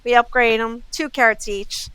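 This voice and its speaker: Bright-voiced woman telling store stories. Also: fairly high pitch, moderate pace, smooth, no room sound, poor audio. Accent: Southern US. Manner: lively anecdotes, acts out customers' quotes. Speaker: jewelry store owner, guest. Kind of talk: casual storytelling.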